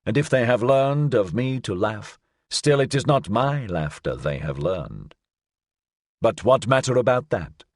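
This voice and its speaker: A man reading the lines of a solemn male prophet, measured and reflective in archaic speech. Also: mid-range voice, no room sound, studio quality. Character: solemn male prophet musing aloud, weary yet triumphant. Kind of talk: audiobook reading.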